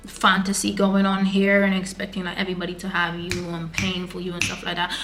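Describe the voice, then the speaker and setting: A woman's voice: on the low side, completely flat delivery, brisk, music in the background. A young woman, chatting casually in a vlog and rambling with lots of filler words. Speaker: vlogger.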